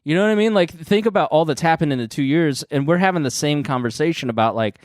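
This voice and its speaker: A man's voice: on the high side, animated, fast, few pauses, a little mellow, no room sound, clean studio sound. Earnest, encouraging man co-hosting a podcast. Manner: earnest, encouraging, uses "like" a lot. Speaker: podcast co-host. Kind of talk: casual podcast chat.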